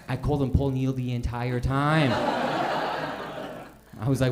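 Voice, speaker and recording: A man's voice: medium pitch, normal speed, long pauses, very noisy. Self-mocking male stand-up storyteller. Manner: animated, self-mocking, acts out quotes. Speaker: stand-up comedian.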